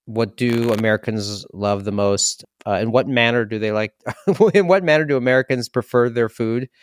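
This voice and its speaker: A man's voice: mid-range voice, moderate pace, no echo, clean studio sound. A man co-hosting a comedy podcast, asking quizzical jokey questions in casual chat. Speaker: podcast co-host.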